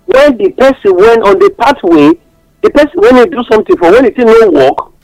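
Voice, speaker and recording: A man's voice: extremely high pitch, animated, fairly quick, gravelly, a little mellow, no echo, soft background music, low-quality recording. A man with a Nigerian accent giving passionate radio talk-show commentary, mixing English with Pidgin and telling stories. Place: radio studio.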